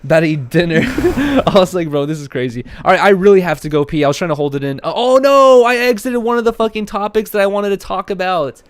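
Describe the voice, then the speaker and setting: A man's voice: high voice, fast, few pauses, no echo. Slangy young man telling stories, dry close mic. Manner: animated storytelling, acts out quotes, heavy slang. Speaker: podcast co-host. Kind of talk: casual chat.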